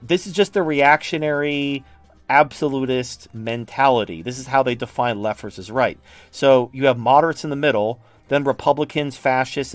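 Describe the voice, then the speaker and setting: A man's voice: medium pitch, no echo. A man from the United States talks through a chart in a loose, blunt way, swearing freely as he explains. His voice sits in an ordinary middle range. The sound is dry and close, with faint music underneath. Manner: blunt, profane, conversational. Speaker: political commentator. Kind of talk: casual explanatory talk over a shared chart.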